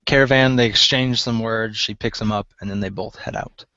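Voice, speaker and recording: A man narrating as game master, relaxed and hesitant with frequent fillers. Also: lowish voice, moderate pace, no echo. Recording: dry, dull lo-fi sound.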